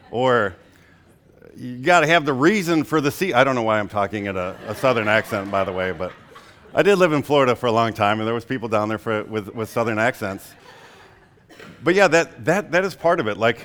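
A young man preaches in a loose, conversational sermon style, telling stories as he goes. His voice sits a little low, and he keeps dropping in casual fillers as he talks to the congregation. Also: fairly bright tone. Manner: conversational, frequent "like" fillers, storytelling. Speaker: pastor.

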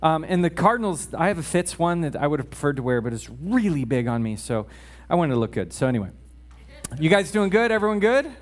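A man's voice: on the high side, sing-song, brisk. A man preaching a casual sermon in church, chatty with joking asides and frequent check-ins with the congregation.

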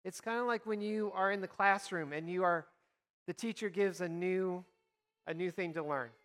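A man's voice: high-pitched, moderate pace, fairly bright tone. A man preaching a sermon as a pastor, reading scripture and acting out imagined conversations in a conversational way. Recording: reverberant hall.

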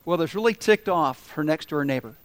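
A man's voice: a little high, lively intonation, brisk. A man preaching a sermon, telling humorous stories and asking the congregation questions. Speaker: pastor.

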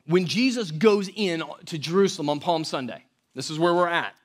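A man preaching a sermon as pastor, conversational and animated, often checking in with the audience. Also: a little high, moderate pace.

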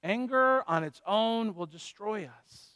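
A pastor delivers a sermon in a high, measured voice. He talks slowly and earnestly, firing pointed questions at his listeners. The sound is dry and close, with no room echo. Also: animated, pushed and bright.

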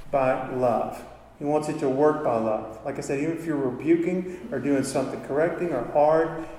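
A man's voice: mid-range voice, warm tone. A man preaching a sermon in a church, telling a story with emotion and calling for amens. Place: church hall. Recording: echoey hall from far off.

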